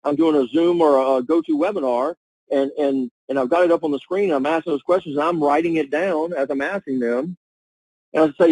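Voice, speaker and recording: A man giving an energetic, repetitive coaching talk to a sales team over a webinar. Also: fairly high pitch, fairly quick, no room sound, poor audio. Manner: energetic, coaching, repeats himself.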